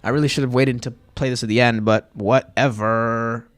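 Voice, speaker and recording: Smooth-voiced young man rambling on a livestream. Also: medium pitch, steady tone, normal speed. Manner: rambling, loose, with fillers and self-promotion. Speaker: podcast host and livestreamer. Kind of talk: casual livestream chat to viewers.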